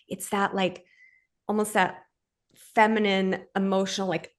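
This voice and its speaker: A woman's voice: mid-range voice, fairly even intonation, moderate pace. A woman hosting a podcast, explaining her ideas in an earnest, direct way and often checking in with the listener. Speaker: podcast host and men's coach. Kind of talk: conversational podcast teaching.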